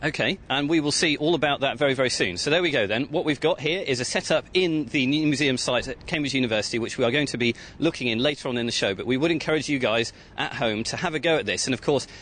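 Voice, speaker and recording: A man's voice: mid-range voice, fast, hardly any pauses, fairly bright tone, a little hiss or hum. A man reporting live on radio from a field site, enthusiastic, quizzing children and urging listeners to join in. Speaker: outside-broadcast reporter.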